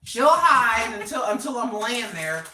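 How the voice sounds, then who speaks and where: Older woman, casual vlog chat, rambling and repetitive, lilting voice, unhurried, slightly high. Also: sing-song, sharp tone. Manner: chatty, repeats herself, laughs at her own asides. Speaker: cooking and lifestyle vlogger.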